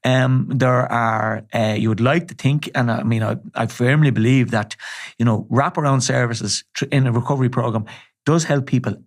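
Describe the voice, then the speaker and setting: A middle-aged Irish man being interviewed, his voice sitting at an ordinary middle pitch. He tells a story in a measured, earnest way, often stopping to restart a sentence. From Ireland. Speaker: charity chief executive, interview guest.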